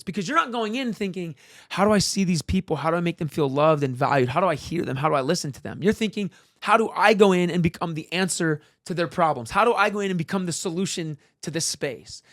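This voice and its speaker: A man's voice: sits high, animated, fast, fairly bright tone. A man, a magician and guest, telling a personal story in an earnest, casual way, with many "like" and "um" fillers.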